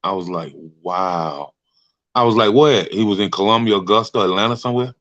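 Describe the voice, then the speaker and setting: Male host, very low voice, halting casual talk, dry lo-fi sound. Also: a bit bright, no echo. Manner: hesitant, retells with "they was like". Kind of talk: casual conversation.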